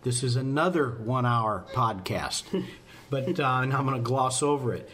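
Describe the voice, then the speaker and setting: A man's voice: medium pitch, expressive, normal speed, a bit bright. A man in the fire service talking through volunteer staffing on a podcast in a folksy, rambling way, with jokes at his own expense. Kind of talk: casual podcast talk.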